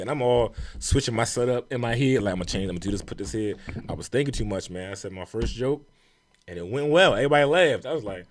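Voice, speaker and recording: A young man from Baltimore with a Baltimore accent, telling a profane, animated story on a casual podcast. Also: mid-range voice, fast. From Baltimore, USA. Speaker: comedian guest.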